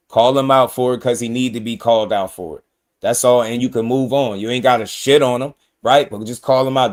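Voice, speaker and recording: Male boxing commentator, mid-pitched voice, direct and emphatic, talks straight at the fighters. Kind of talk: casual opinion commentary.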